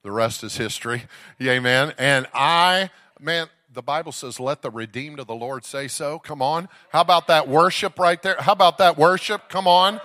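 Exuberant Texan evangelist, bright and loud. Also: male voice, fairly high pitch, normal speed. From Dallas, Texas. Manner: exuberant, calls out to the crowd, storytelling. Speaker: guest evangelist preacher. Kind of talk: energetic Pentecostal sermon. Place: church sanctuary.

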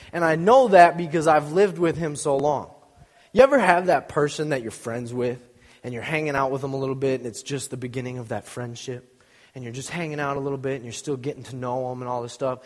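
A young man giving an informal sermon, chatty and joking, acting out little scenes as he tells stories. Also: medium pitch. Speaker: preacher. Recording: long hall reverb.

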